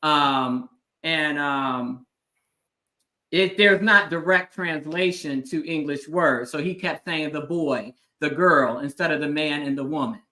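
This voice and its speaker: A female host and legal analyst tells her account in an earnest, emphatic way. Her voice is bright and forceful. She stays in a casual interview mode and often murmurs agreement. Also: sits low, slow. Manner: earnest storytelling, emphatic, frequent affirming murmurs.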